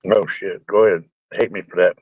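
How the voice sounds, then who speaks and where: A man's voice: low voice, fairly even intonation, fairly quick, slightly rough, no echo, low-quality recording. A man chatting casually and rambling with his viewers on a live stream, sounding like he has a bad cold. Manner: rambling, salty, joking.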